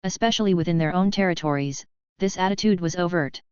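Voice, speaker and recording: A woman narrates a fantasy audiobook in an even, steady way. Her voice is smooth and a little low. The recording is dry and dull, with a lo-fi edge. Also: fast talker, no echo. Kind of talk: scripted narration.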